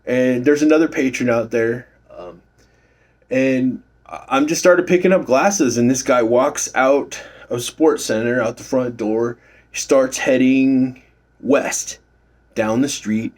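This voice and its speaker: A man's voice: mid-range voice, slow, a little mellow. A middle-aged man recording himself at work, telling a rambling story about his bouncer days with fillers and swearing. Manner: rambling, swears freely, many fillers and restarts. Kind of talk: casual storytelling vlog. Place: at his workplace.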